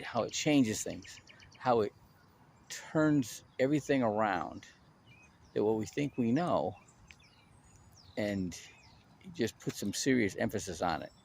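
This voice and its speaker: A man talking casually on his own channel, an animated storyteller who restarts his sentences often and stresses his points. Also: on the low side, slight background noise.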